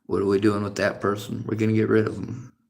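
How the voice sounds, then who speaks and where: A man's voice: on the low side, monotone, fast, creaky, a little mellow. A man streaming from a library, reading chat comments aloud and answering them in a bitter, profane, lecturing rant. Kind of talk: angry livestream rant.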